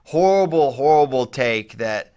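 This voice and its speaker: A man co-hosting a casual sports podcast, talking in quick bursts and getting emphatic when he makes a point. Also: medium pitch, clear, resonant tone. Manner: animated, rising emphatically when making a point. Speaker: podcast co-host.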